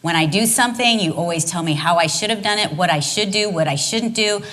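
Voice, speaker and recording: A woman's voice: lowish voice, brisk. A middle-aged woman teaching on marriage beside her husband, telling a story and acting out the voices in it. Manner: expressive storyteller, acts out voices. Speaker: co-teacher, pastor's wife.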